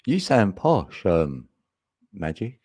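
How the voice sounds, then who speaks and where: Casting: slow, husky man, lively playful delivery, dry close sound. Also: low voice, no echo. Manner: slow, playful, lots of laughing. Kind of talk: casual live-stream chat.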